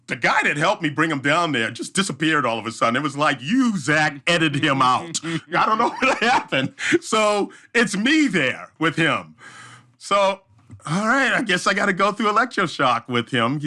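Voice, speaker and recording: A slightly high-voiced man, an event emcee by trade, guests on a podcast and tells an animated tale. He keeps restarting and fills it with hummed sound effects.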